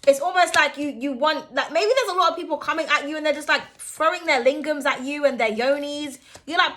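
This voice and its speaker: A young woman runs through a tarot reading in a high, sharp, bright voice. She is chatty and blunt, swearing freely and laughing easily between her points. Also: brisk, hardly any pauses. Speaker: tarot reader.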